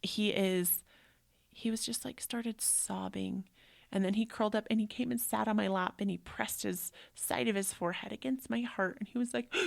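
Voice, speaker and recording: A woman's voice: medium pitch, fairly even intonation, moderate pace, gravelly, no room sound, clean studio sound. A woman in her thirties who hosts a show and teaches yoga, telling a personal story in an emotional, rambling way and saying "like" often. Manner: emotional, rambling, frequent "like" fillers.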